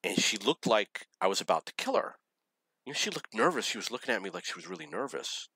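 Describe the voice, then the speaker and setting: A man's voice: lowish voice, big pitch swings, fast, pushed and bright, breathy edge. A middle-aged man telling rambling personal stories in a blunt, opinionated way, laughing at his own memories. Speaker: vlogger telling dating stories.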